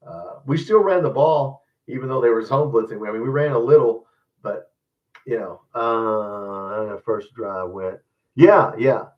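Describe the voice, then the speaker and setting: A man's voice: mid-range voice, measured pace, far from the mic. Man, blunt rambling fan host, a little off-mic, muffled sound. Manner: blunt, rambling, addresses viewers as guys. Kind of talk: live-stream sports commentary, casual rant.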